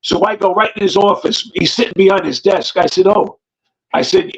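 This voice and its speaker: A man's voice: high voice, normal speed. New Jersey man telling stories. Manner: rambling, acts out quoted dialogue. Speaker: podcast guest storyteller. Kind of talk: casual storytelling. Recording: dull lo-fi podcast audio.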